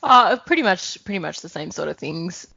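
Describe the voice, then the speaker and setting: Co-host, female, low gravelly voice, hesitant, muffled recording. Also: expressive, normal speed, bright, forceful tone, no room sound. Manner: hesitant, restarts phrases. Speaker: podcast co-host. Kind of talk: casual book discussion.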